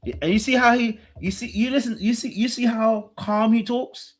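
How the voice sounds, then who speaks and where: A man hosting a podcast, reacting to a dating show in casual, teasing commentary, swinging between loud excitement and hushed mimicry. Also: extremely high pitch, moderate pace. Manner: animated, teasing, laughs, mimics people in a hushed voice.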